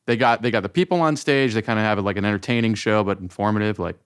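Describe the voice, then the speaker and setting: A man co-hosting a podcast, bantering in an animated way. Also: fairly low pitch, smooth. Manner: animated, quick. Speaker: podcast co-host. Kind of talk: casual banter.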